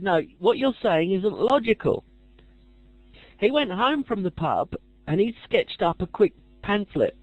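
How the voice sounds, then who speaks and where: Chatty man teaching a class, animated delivery, dry humour, muffled close dry recording. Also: sits high, no echo. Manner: chatty with dry jokey asides. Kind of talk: casual lecture.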